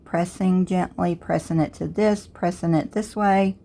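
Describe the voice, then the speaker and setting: In an unhurried, fairly low voice, a middle-aged Southern US woman narrates a casual crafts tutorial step by step. She sounds relaxed and thinks aloud as she works.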